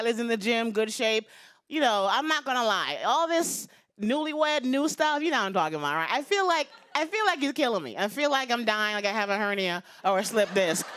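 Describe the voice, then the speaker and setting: A woman's voice: high voice, a bit bright, a little hiss or hum. A woman in her fifties doing a brash, confiding stand-up routine on stage before a live audience. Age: 50s. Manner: brash, confiding, punchline-driven. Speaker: stand-up comedian.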